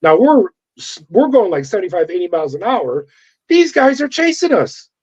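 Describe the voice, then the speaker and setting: A man's voice: high-pitched, big pitch swings, moderate pace, a little mellow, husky. A middle-aged man from California, a former corrections officer, telling his story in an interview and acting out the voices of the people in it. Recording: dull lo-fi audio.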